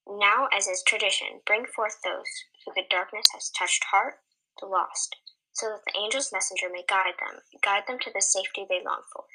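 A woman voicing a sorrowful, very old male priest who preaches gravely in a storybook reading. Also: mid-range voice, moderate pace, heavy background noise, lightly acted. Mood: mournful. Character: sorrowful ancient male priest of a desert tribe.

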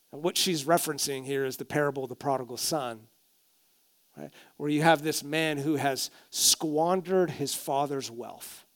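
A male pastor preaching a sermon, telling stories expressively, dropping to a hush and then rising loud. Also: fairly high pitch.

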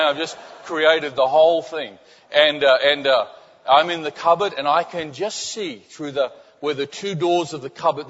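A man delivers a sermon with a somewhat high voice, telling a story in an animated, stop-and-start way. His voice carries a long reverb from a large hall. The sound is a bit dull and muffled. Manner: animated storytelling, many restarts, drops to soft intimate tones. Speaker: pastor.

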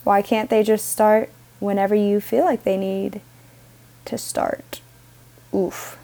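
A woman's voice: mid-range voice, flat delivery, slow, gravelly, mellow. A young woman hosting her own podcast, talking casually in a rambling, self-interrupting way with frequent giggles. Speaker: podcast host.

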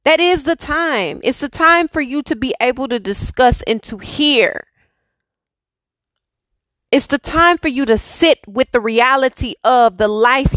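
The recording is dry, and the woman's voice runs on the high side with a fairly bright tone. As a spiritual speaker offering an uplifting monologue, she takes a preachy approach, piling up repeated rhetorical questions.

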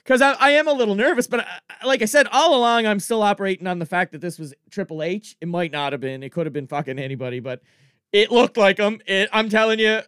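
A man from Cape Breton with a Cape Breton accent, telling a comic story in a casual, animated way, swearing, laughing often and filling with "like" and "I'm telling you.". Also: high-pitched, fast talker, smooth, no room sound, studio quality. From Cape Breton, Canada.

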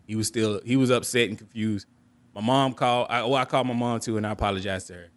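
A man's voice: steady tone, fast, dry recording. A young man on a podcast telling a candid, reflective personal story, often restarting his sentences and raising his voice to act out family members. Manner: candid, reflective, acts out quoted family members with raised pitch; frequent restarts and repeated words. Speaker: podcast host.

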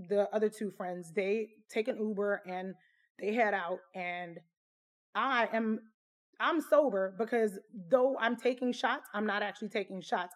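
A woman casually telling a personal story to camera, candid and conversational. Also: mid-range voice. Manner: candid, conversational, full of fillers.

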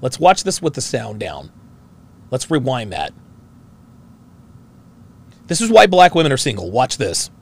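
A man's voice: mid-range voice, wildly swooping pitch, a little slow, gravelly, long pauses. A man hosting a reaction show, ranting in a profane, emphatic way and repeating his phrases. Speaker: host. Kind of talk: reaction commentary rant.

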